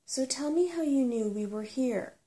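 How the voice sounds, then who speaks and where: Sorrel, a woman voicing a sharp-tongued forest creature. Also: high-pitched, lively intonation, moderate pace, voice pushed up. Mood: mocking. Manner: mocking, scolding. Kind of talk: soft-spoken ASMR storytelling.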